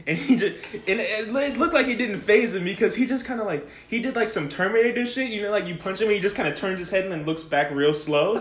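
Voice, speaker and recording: A man's voice: high voice, fast talker, hardly any pauses. A young man telling a rambling, profane story in casual chat, laughing often and saying "like" a lot. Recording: echoey room.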